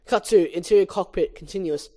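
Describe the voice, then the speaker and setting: A woman reads a screenplay aloud, moving through the stage directions in a brisk, matter-of-fact tone. Her delivery is plain and practical. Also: on the low side, dark tone. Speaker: reader.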